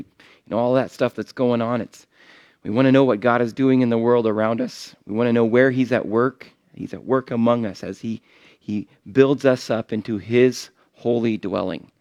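A middle-aged man, a visiting missionary, giving a sermon in a church in an earnest, halting way with many fillers and restarts. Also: mid-range voice, a little mellow, no room sound.

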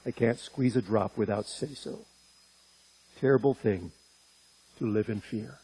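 A preacher putting on the voice of a resigned, aging ex-convict, speaking low and slow in a sermon. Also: male voice, dark tone, breathy edge, dry recording, low-quality recording. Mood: weary, resigned.

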